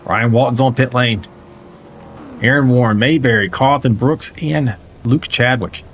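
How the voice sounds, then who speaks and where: A man gives live play-by-play of a simulated stock car race in a medium-pitched, slightly bright voice, speaking a little slowly. He's chatty and joking, reading viewer chat aloud, with racing engines roaring behind him.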